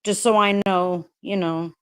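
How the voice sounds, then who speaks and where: A woman hosts a casual livestream, her medium-pitched voice steady, clean and measured in pace. She greets viewers by name while rambling, sounding hesitant, frustrated and upset, with many restarts and some swearing.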